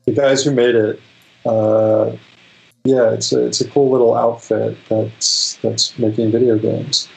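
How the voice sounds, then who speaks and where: A man speaking as a guest on an interview show, relaxed and rambling, with lots of fillers. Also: mid-range voice, measured pace, vocal fry, rough recording. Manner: relaxed, rambling, many fillers, laughs easily. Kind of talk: casual interview chat.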